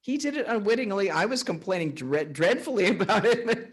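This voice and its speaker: A woman, a monastic speaker, telling stories to a retreat audience and answering questions, animated, acting out the voices of others and laughing often. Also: mid-range voice, a little fast, slightly rough. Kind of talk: storytelling talk with audience questions.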